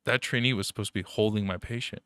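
A man's voice: on the low side, steady tone, fast, a bit bright, no room sound, studio quality. A young man telling rambling, profanity-filled stories in casual chat, full of fillers.

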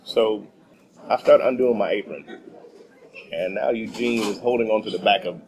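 A middle-aged man from Texas telling a story as a radio guest, animated and laughing often. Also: fairly low pitch, moderate pace, rough recording. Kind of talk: casual storytelling.

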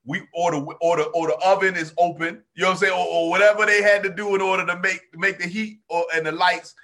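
A man telling childhood stories in a casual chat, slangy and animated, acting out what people said. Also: sits high, fast talker. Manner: animated, slangy, acts out quotes.

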